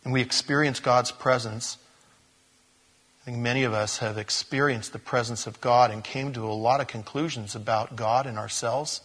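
Male pastor, husky voice, preaching with big swings in emphasis, long hall reverb. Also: medium pitch, normal speed. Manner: animated, shifts emphasis dramatically, sudden loud rises. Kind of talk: expository sermon.

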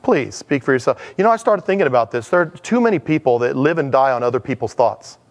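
A man's voice: mid-range voice, very animated, fast. A man preaching a conversational sermon in a chatty manner, acting out dialogues as he teaches. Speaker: pastor.

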